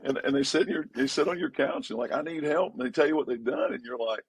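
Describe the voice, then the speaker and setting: Speaking fast in a slightly rough voice, a pastor on a casual podcast hammers his points through repetition. His pitch leaps upward on emphasis, and there's no echo.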